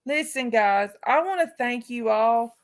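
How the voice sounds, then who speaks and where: A woman's voice: fairly high pitch, animated, measured pace. A woman hosting a live stream, speaking casually and outspokenly to her chat viewers with heartfelt remarks. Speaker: livestream host.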